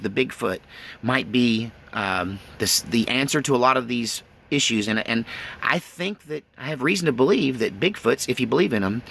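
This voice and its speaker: Middle-aged male vlogger, gravelly, casual and rambling. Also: medium pitch, a bit bright. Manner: rambling, folksy, with many fillers. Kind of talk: casual chat to camera.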